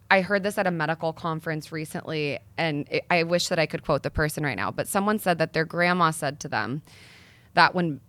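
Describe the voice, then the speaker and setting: A woman's voice: low-pitched, a bit bright, clean tone, no room sound. A young woman speaking earnestly and persuasively as a guest in a sit-down interview. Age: young adult. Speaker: guest, nonprofit founder.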